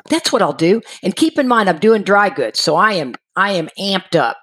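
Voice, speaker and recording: A middle-aged woman tells a long personal story in a relaxed, chatty way. She acts out what she and others said, rising and falling with the lines, and laughs at herself along the way. Her voice sits in a middle range. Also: medium pitch, moderate pace, breathy edge. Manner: animated, acts out quoted voices, laughs while telling. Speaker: guest telling her recovery story. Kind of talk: casual storytelling.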